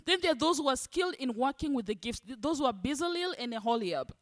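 A woman preaching a sermon, animated, acting out the voices of church members. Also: high-pitched, fast. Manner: animated, acts out congregants' voices.

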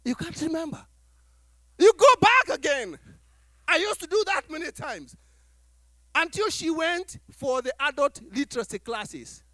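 A man preaching a sermon as pastor to his church, animated, acting out little dialogues and laughing as he talks. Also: very high-pitched, unhurried, pauses often, dry recording, clean studio sound.

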